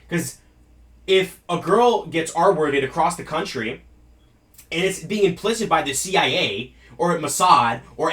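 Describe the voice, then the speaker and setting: A man's voice: a little high, pushed and bright, far from the mic. A man hosting a political talk show, ranting in a heated, profane, mocking way. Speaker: show host.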